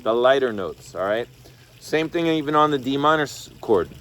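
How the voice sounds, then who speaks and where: A man's voice: medium pitch, animated, normal speed. A man teaching an online guitar class in a casual, chatty way, scatting rhythms as he explains chords. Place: home studio over video call. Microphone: video call. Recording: loud guitar under the voice. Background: guitar playing.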